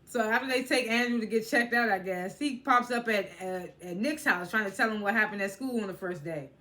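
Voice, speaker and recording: A woman's voice: fairly high pitch, bright, forceful tone. A woman reviewing TV shows in a casual, chatty recap. She often stumbles and restarts her words and laughs as she retells scenes. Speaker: TV show reviewer.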